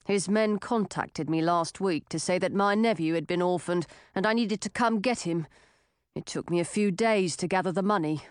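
A grown man murmurs in a hushed, low voice, as a woman narrator puts him on. The sound is dry and close for a storybook. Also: moderate pace, smooth, no room sound, lightly acted. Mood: hushed worry.

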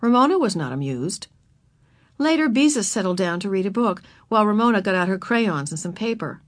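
A woman reading a children's story aloud, expressive and putting on voices for the characters. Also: medium pitch, a little fast. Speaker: narrator. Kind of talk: children's book read aloud.

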